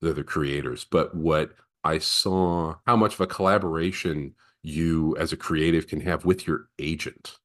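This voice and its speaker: A man's voice: rumbling low, fairly even intonation, unhurried, few pauses, fairly bright tone. A man hosting a podcast interview, asking thoughtful questions and agreeing often. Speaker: podcast host. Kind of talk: interview host.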